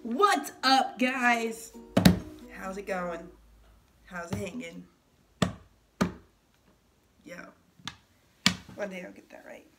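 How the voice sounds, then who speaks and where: A woman's voice: medium pitch, very slow, pauses often, heavy background noise. A woman beauty vlogger chatting casually through a makeup tutorial. She rambles and jokes at her own expense. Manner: chatty, rambling and self-mocking.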